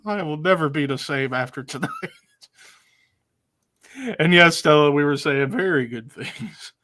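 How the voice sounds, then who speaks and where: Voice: mid-range voice, a little slow, sharp tone. A stream host in casual chat, giddy and laughing a lot.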